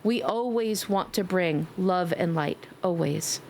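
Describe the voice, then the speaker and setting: A woman with a New York accent chatting warmly with viewers on a live stream, giggly and affectionate, calling people sweetie. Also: fairly low pitch, slow. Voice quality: warm, affectionate toward chat. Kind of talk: casual live-stream chat.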